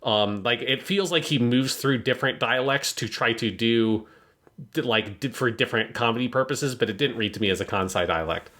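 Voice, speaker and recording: A man's voice: medium pitch, moderate pace, bright, forceful tone. A man co-hosting a podcast, picking apart a story in casual, analytical chat and swearing now and then. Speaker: podcast co-host.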